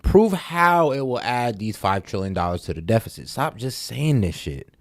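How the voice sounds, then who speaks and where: A man's voice: medium pitch, sing-song, normal speed, dry recording, studio quality. A man hosting a reaction video, talking bluntly and with profanity in casual commentary. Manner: blunt and profane, talks straight to viewers.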